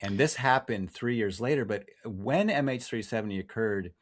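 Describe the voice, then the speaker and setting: A man's voice: lowish voice, lively intonation, normal speed. A man, a freelance journalist, talking casually in an interview, often restarting his sentences and correcting himself. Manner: restless, self-correcting, many restarts and fillers. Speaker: freelance journalist, podcast guest.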